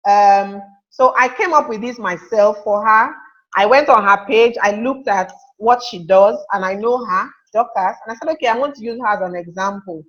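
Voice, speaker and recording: A woman's voice: medium pitch, moderate pace, a bit bright, muffled recording. A woman teaching a live online class, chatty, reading out and answering viewer comments. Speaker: webinar teacher.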